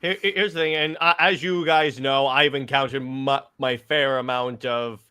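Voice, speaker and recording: A man chatting casually on a geek podcast, quick and talkative. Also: medium pitch, fairly even intonation, sharp tone, clear, resonant tone. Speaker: podcast co-host. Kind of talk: casual chat.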